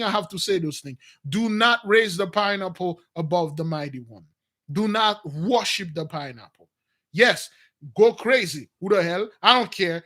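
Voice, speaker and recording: A man preaching in an animated, free-wheeling monologue. His voice sits high and bright, jumping from loud bursts to hushed mutters. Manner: animated, swings between loud outbursts and low mutters. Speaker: spiritual teacher.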